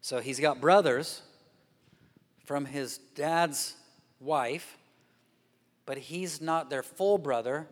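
Man, guest preacher, sermon, animated storytelling, acts out voices, slightly high voice, church hall reverb. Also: takes it slowly, long pauses. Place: church sanctuary.

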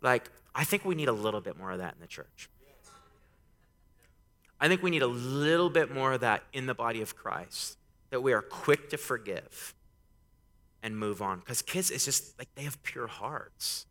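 A man's voice: mid-range voice, animated, moderate pace, fairly bright tone. A man in his thirties preaching a sermon, telling casual stories about his kids before building to emphatic exhortation. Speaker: pastor. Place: church sanctuary. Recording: long hall reverb.

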